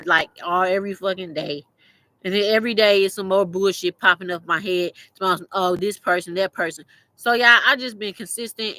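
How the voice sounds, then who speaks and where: A woman's voice: mid-range voice, pushed and bright, poor audio. A young adult woman, hosting a podcast and speaking teary-eyed, blunt, profane and rambling, with many restarts. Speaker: podcast host. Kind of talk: casual motivational monologue.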